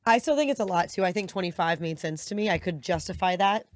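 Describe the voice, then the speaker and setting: A woman's voice: lowish voice, fast, no room sound. A woman co-hosting a casual podcast chat, chatty, often trailing off mid-thought. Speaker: podcast co-host.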